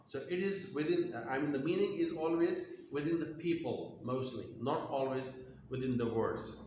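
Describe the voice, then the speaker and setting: Male lecturer, channel host, halting and self-correcting delivery, strongly echoey recording. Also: on the high side, a little mellow. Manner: halting, thinking aloud with frequent restarts. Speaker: language lecturer. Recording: very echoey room with faint ambient noise.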